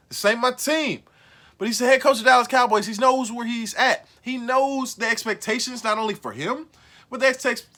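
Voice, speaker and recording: Male vlog host, high and bright, slangy, excitable, quick bursts of loud outrage. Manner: excitable, swings from mumbling to loud outbursts; slangy, repeats lines for emphasis. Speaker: show recap host. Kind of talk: casual commentary vlog.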